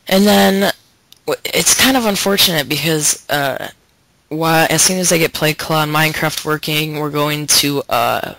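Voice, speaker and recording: A young man with a bright, forceful voice sitting a little high. He rambles loosely through a story in casual podcast chat, full of fillers. The sound is dry and close. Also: vocal fry, no room sound, poor audio. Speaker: podcast host.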